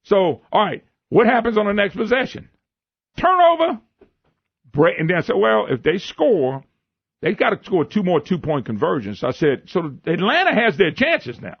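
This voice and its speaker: Laughing often and retelling his own quotes, a male radio talk show host spins an animated story in a high, gravelly voice with a breathy edge at a moderate pace. A studio microphone picks him up dry, and the broadcast audio is muffled.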